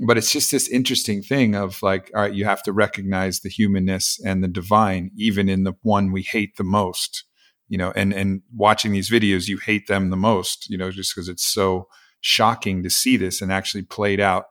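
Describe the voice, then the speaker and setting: Deep-voiced man, flat delivery, rambling thoughtful podcast host. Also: moderate pace. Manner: thoughtful, rambling, many fillers. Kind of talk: philosophical podcast conversation.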